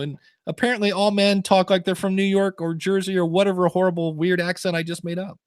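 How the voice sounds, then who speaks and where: A man's voice: on the high side, fast, no room sound, clean studio sound. A man hosting a podcast in casual chat, rambling through stories and acting out quotes in funny voices. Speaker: podcast host.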